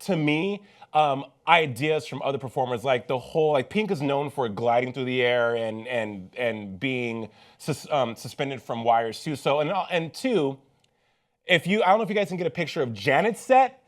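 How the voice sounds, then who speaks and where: A man's voice: medium pitch, moderate pace. A man co-hosting a pop culture talk show, chatting casually and emphatically, often restarting his sentences. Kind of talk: casual chat.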